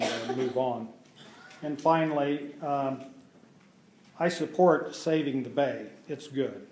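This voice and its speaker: A man giving public comment at a meeting, measured and hesitant with frequent fillers. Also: mid-range voice, a little mellow, slight background noise. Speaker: resident speaking at public meeting. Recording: echoey hall.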